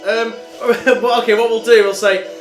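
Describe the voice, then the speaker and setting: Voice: medium pitch, flat delivery, normal speed. A tabletop game player who stammers, repeats words and laughs a lot. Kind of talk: casual tabletop game chat. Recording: roomy recording with faint music behind.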